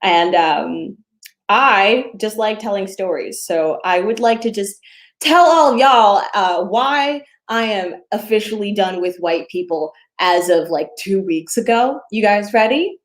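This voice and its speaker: A woman's voice: mid-range voice, lively intonation, a little slow. A woman in her twenties doing a stand-up set from home over a video call, telling a story with many fillers and playful asides. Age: 20s. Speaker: stand-up comedian.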